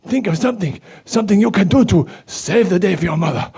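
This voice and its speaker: A man hosting a lively children's Bible show, upbeat and coaxing as he talks straight to the kids. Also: high voice, fast talker, hardly any pauses, slightly rough.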